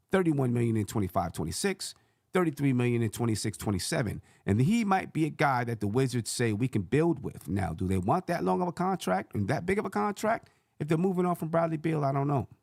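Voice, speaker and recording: A man's voice: mid-range voice, creaky, a little mellow, no room sound, clean studio sound. A man hosting a sports channel, rambling through casual basketball commentary and correcting himself as he thinks aloud.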